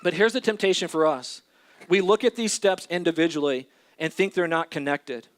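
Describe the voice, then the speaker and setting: High-voiced earnest male pastor preaching. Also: moderate pace. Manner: earnest, acts out imagined dialogue. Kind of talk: sermon. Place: church.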